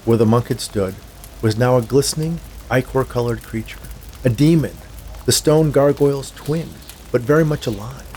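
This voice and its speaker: A man reading a dark tale aloud in a measured, scripted storytelling manner. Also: medium pitch, a little hiss or hum. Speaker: narrator. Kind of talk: scripted audiobook narration.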